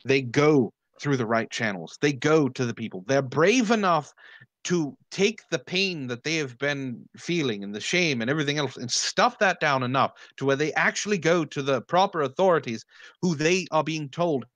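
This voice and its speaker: A man's voice: a little high, lively intonation, normal speed, fairly bright tone, no echo. Indignant, swearing man, dry sound. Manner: indignant, blunt, swears freely. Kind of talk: casual live discussion.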